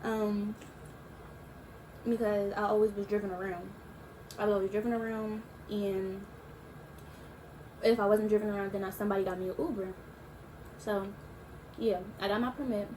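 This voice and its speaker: In her early twenties, a young woman YouTuber tells a storytime in a casual, relaxed, slangy way, drifting into drawn-out asides. Her voice is medium in pitch, with slight background noise and poor audio.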